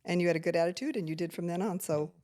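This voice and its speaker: Older woman, lowish voice, animated storyteller on a family podcast. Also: rapid-fire. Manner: animated storyteller who acts out quoted voices. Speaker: mother and podcast guest.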